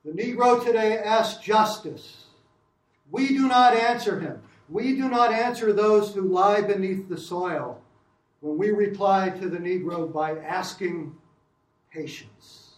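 A man's voice: sits high, takes it slowly, echoey room, distant mic, rough recording. A man putting on an impassioned male politician's speech in a Philadelphia accent, with an emphatic oratorical delivery.

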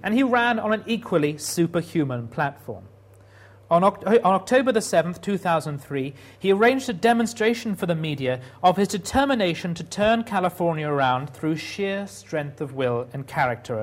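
Wry man with a higher voice giving a talk. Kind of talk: prepared public talk.

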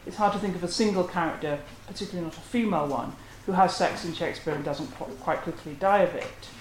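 A lecturer talks through a literary analysis in a measured, scholarly way, at a mid-range pitch. The voice rings out in a roomy space, and a faint hiss sits underneath. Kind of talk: academic lecture. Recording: roomy echo.

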